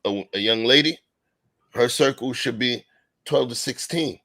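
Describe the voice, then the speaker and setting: A man co-hosts a relaxed talk show, his voice rough and gravelly. He talks in an emphatic, slangy way, close to a dry microphone with no room sound. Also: medium pitch, measured pace, dry recording. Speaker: podcast co-host. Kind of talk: casual commentary chat.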